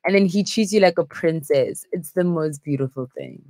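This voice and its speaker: Animated woman co-hosting. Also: low-pitched, no echo. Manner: animated, quick to argue her point. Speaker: breakfast show co-host. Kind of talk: casual banter on a studio show.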